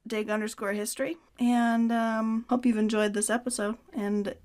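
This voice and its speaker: A woman's voice: a little high, flat delivery, normal speed, a little mellow. A young adult woman co-hosting a history podcast in casual, laughing banter and reading the credits. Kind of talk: casual chat with outtakes.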